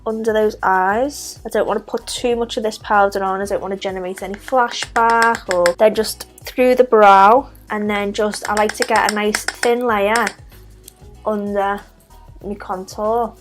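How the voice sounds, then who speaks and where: Talking through a makeup tutorial one step at a time, a young Scouse-accented vlogger from Liverpool keeps things casual with chatty, self-deprecating asides. Her medium-pitched voice is steady and unhurried, and faint music plays in the background.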